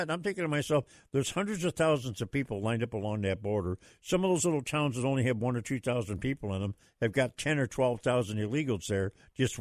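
Booming, dry-voiced talk radio host. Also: male voice, dry recording. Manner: booming, theatrical announcer delivery with shouted flourishes.

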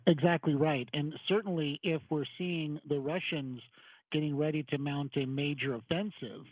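A man calling in as a political commentator on a talk radio show, speaking in a measured, agreeable way. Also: a little high, steady tone, poor audio. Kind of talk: call-in conversation.

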